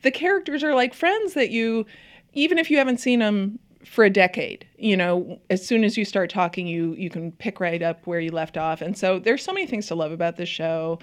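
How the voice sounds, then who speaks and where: A woman's voice: mid-range voice, moderate pace. Effusive chatty woman co-host. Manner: chatty and effusive, many fillers, laughs often. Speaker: podcast co-host. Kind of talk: casual chat about TV.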